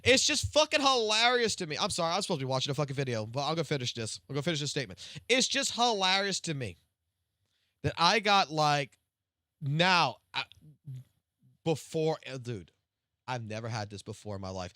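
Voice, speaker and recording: A man's voice: fairly high pitch, very animated, brisk, pushed and bright, dry recording, clean studio sound. A man live-streaming, ranting casually with heavy swearing and rambling restarts. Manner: profane, rambling, restarts sentences. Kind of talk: casual late-night stream rant.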